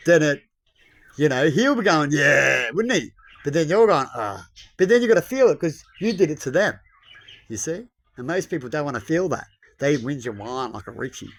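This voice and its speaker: A man's voice: fairly high pitch, a bit bright. A man rambling bluntly in a casual monologue, lecturing a listener and tossing in tag questions and mild swearing. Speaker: vlogger.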